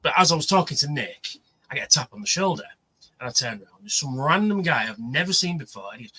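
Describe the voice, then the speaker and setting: A man's voice: on the high side, big pitch swings, fast, pushed and bright, breathy edge, low-quality recording. A man telling rambling stories in a casual livestream chat, full of fillers. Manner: rambling, chatty storyteller with many fillers. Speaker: livestream co-host. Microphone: livestream mic.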